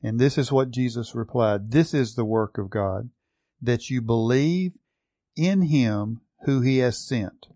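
A man's voice: mid-range voice, mellow, no room sound. A man preaching a sermon, teaching earnestly from the Bible and leaning hard on key words. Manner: earnest, emphatic Bible teaching with slow stressed phrases.

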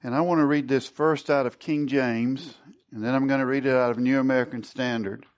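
A man's voice: mid-range voice, steady tone, brisk. A man leading a Bible study sermon, earnest and conversational, who often restarts and repeats words. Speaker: Bible teacher.

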